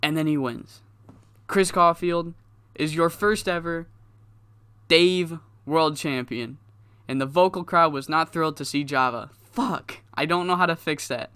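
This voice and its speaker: A man's voice: on the high side, a little slow, bright, forceful tone, clear, resonant tone, no room sound. A man giving loose, rambling, profane commentary on his game, laughing at himself now and then. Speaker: gaming YouTuber.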